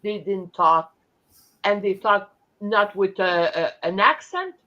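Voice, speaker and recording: A bright-voiced woman with a French Canadian accent chats slowly on a live stream. She stops and restarts a lot, and the audio comes through dull and lo-fi. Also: medium pitch, animated. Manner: chatty, halting with restarts, talks with her hands. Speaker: host. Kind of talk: casual live-stream chat.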